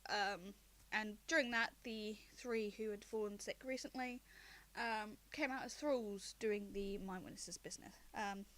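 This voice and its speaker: Woman, game master, tabletop recap, relaxed chatty storytelling, a bit high-pitched.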